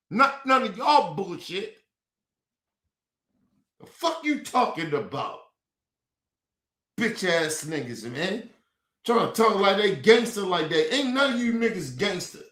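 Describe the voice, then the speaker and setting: A man ranting angrily and profanely on a livestream, repeating himself and breaking into shouts. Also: high-pitched. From Baltimore. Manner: angry, profane, repetitive, shouting bursts. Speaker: streamer. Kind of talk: heated livestream rant. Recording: roomy echo.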